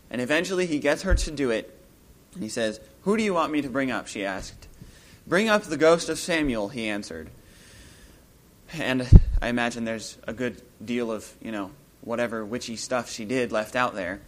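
A man giving an informal Bible talk, musing aloud as he retells a scripture story and growing lively when he acts out the scenes. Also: mid-range voice, normal speed.

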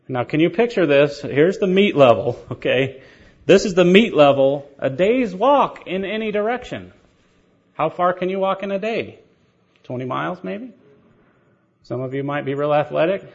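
A man's voice: on the high side, lively intonation, normal speed, creaky. A man preaching a sermon, telling stories with rhetorical questions and light laughter. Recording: dull lo-fi sermon recording.

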